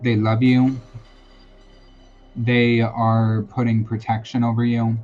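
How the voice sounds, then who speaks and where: A man's voice: medium pitch, completely flat delivery, takes it slowly, darkish tone, faint music behind. A man hosting a live-streamed tarot and psychic reading, talking casually and reassuringly with lots of fillers and repeated phrases. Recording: dull lo-fi sound with faint background noise.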